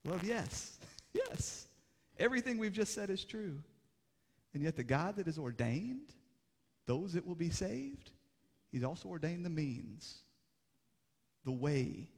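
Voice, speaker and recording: A man's voice: a little high, very animated, unhurried, long pauses. Impassioned male preacher in a reverberant hall. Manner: impassioned, rising to urgent exhortation, then hushed and grave. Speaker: pastor. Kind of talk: sermon. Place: church sanctuary.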